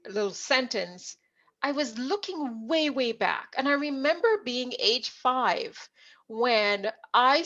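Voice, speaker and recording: A middle-aged woman from Jamaica, a leadership coach, telling stories from her life as an interview guest and acting out remembered dialogue. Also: fairly high pitch. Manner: animated storyteller, acts out remembered dialogue. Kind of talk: conversational storytelling interview. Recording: dull lo-fi audio.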